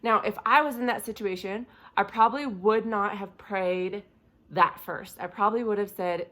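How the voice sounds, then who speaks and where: A woman's voice: mid-range voice, normal speed, a bit bright. A young woman giving a chapel devotional, reading scripture aloud and then explaining it in a casual, vivid way. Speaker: chapel speaker. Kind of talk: devotional talk.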